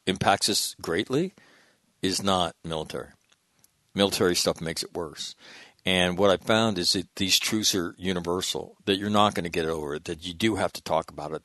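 Blunt, deep-voiced middle-aged man. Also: fairly bright tone, no echo, clean studio sound. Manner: emphatic, blunt and profane. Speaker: guest, Marine veteran speaker. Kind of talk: candid storytelling interview.

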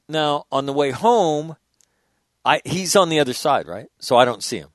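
Animated man in his sixties, dry sound. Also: on the high side, moderate pace, no echo. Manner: profane, animated anecdotes. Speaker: guest, former military officer. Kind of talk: casual storytelling.

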